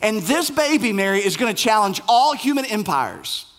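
A man with a high speaking voice delivers a sermon to his church. He talks casually, building his points with repeated phrases. His delivery stays conversational even when he presses a point. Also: moderate pace. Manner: conversational, emphatic repetition. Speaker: pastor.

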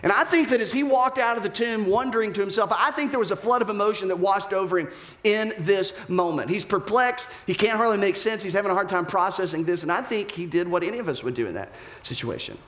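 A man delivers a sermon as pastor, his voice sitting a touch high for a man. He tells the story in a lively, casual way and slips into quick voices for the people in it. The sound carries a roomy echo around him. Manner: animated storytelling, acting out voices of the characters. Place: church auditorium. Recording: echoey room.

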